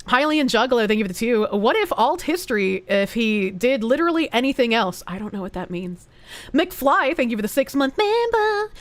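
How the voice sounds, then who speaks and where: A woman's voice: a little high, lively intonation, moderate pace. A young woman streamer chatting casually, reading donation messages aloud, thanking supporters and swearing freely. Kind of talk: casual livestream chat.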